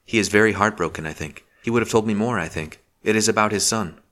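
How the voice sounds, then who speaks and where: A man's voice: fairly low pitch, quick pace, fairly bright tone, pitched above the performer's own voice, natural voice. A man reading the part of a shrewd, determined young woman who speaks earnestly and sharply.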